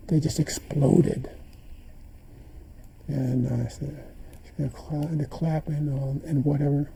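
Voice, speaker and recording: A man's voice: mid-range voice, fairly even intonation, slow pace, vocal fry, pauses often, dark tone, slight background noise, poor audio. An older man in an interview, animatedly retelling events and acting out the dialogue he quotes. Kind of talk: storytelling in an interview.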